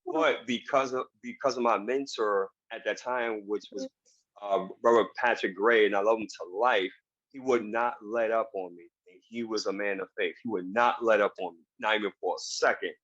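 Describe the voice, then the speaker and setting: A man's voice: on the low side, steady tone, moderate pace, a bit bright, no echo. Earnest man on a dull video call. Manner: earnest, emphatic motivational talk with repetition. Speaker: guest. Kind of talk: motivational interview.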